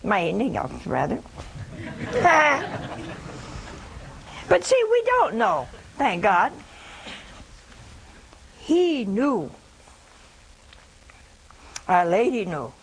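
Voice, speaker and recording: Lively older woman preaching slowly. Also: mid-range voice, creaky, slight background noise, low-quality recording. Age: 70s. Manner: reflective, drops to a whisper for quoted words. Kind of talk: sermon.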